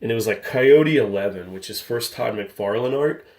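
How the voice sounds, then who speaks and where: A man's voice: fairly low pitch, moderate pace, a little mellow. A man in his thirties, a comic book collector hosting a casual vlog, talking candidly in a rambling way and getting riled up. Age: 30s.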